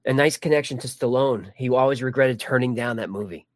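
A man's voice: mid-range voice, fairly quick, no room sound. A man hosting a live stream, chatting casually and joking while reading viewer comments. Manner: rambling, jokey, many restarts. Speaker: livestream host.

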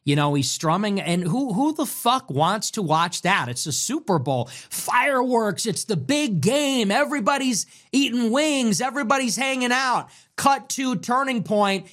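A man's voice: high voice, expressive, normal speed, a bit bright. A man commentating in a solo monologue, emphatic and repetitive in short punchy sentences.

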